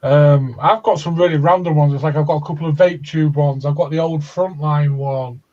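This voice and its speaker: A man who reviews vapes, chatting casually and quickly on a live stream. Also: a little high, steady tone, a little mellow. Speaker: vape reviewer and show regular. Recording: dull lo-fi call audio.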